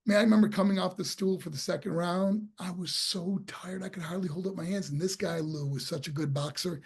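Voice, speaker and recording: Brisk and high-pitched with a slightly rough edge, a former boxer from New York State shares his story in a casual interview. He brings quoted voices to life and, when excited, tends to repeat words and start over.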